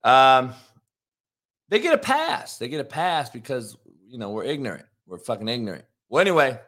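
A man's voice: medium pitch, sing-song, normal speed. A man from Compton ranting crudely and mockingly in a commentary vlog. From Compton, California, USA. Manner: crude, mocking, loud, laughs at own jokes. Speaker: vlogger.

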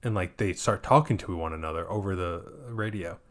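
A man co-hosting a casual movie review podcast, retelling scenes in an animated way. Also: low voice, a little fast. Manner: animated, acts out scenes in exaggerated voices. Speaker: podcast co-host.

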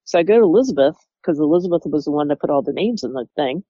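Animated interview subject who acts out coworkers while telling the story, dry recording. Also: medium pitch, rapid-fire, no echo, dull audio. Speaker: former employee recounting workplace conflict.

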